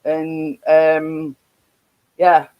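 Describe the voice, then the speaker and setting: A woman's voice: low voice, completely flat delivery, drawn-out words, lo-fi sound. A woman with a Yorkshire accent hosting a casual live stream, rambling with frequent laughs and restarts.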